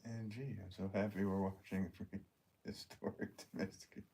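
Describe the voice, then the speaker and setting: Brief: man with a lowish voice, a potter joking around with his live chat from the studio. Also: steady tone, moderate pace, warm tone, a little hiss or hum. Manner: playful, joking, answers chat. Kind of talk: casual livestream chat.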